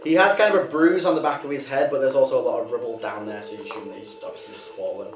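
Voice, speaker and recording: A man's voice: mid-range voice, fairly even intonation, very fast. A man running a tabletop game as game master, narrating hesitantly with many fillers. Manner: hesitant, full of ums. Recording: echoey room with music.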